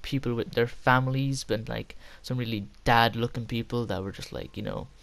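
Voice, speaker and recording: A man's voice: medium pitch, fairly even intonation, moderate pace, creaky, fairly bright tone. A young man telling a casual, rambling story with frequent laughter and casual swearing. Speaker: vlogger.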